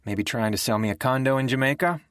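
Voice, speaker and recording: A man's voice: mid-range voice, fast talker, fairly bright tone, no room sound, pitched above the performer's own voice, natural voice. Guy reading a tough crew boss, dry smart-mouthed, close dry sound. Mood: sarcastic. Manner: dry, wisecracking.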